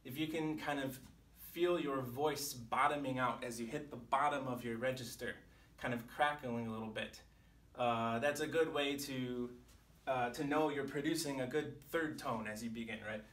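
A man, teaching a language lesson to camera in a clear, patient way, sometimes sounding out syllables at different pitches. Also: moderate pace, fairly bright tone. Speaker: Chinese teacher. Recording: echoey room, mic some distance off.

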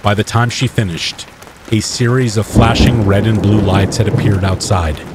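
A man narrating a first-person horror story in a steady, measured way. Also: lowish voice, very noisy. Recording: faint rain ambience mixed behind the voice.

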